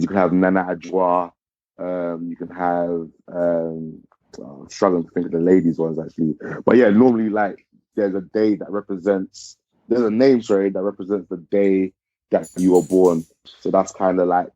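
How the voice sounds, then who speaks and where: A man chatting as a podcast guest in a relaxed, rambling way with lots of fillers. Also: low-pitched, dry recording. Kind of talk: casual podcast chat. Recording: dull, dry sound.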